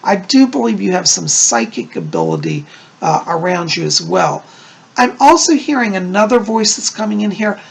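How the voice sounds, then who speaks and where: A man's voice: high voice, very animated, moderate pace, creaky, slightly rough. A man working as a psychic medium, doing a casual video reading, chatty and reassuring, often checking in with "okay?".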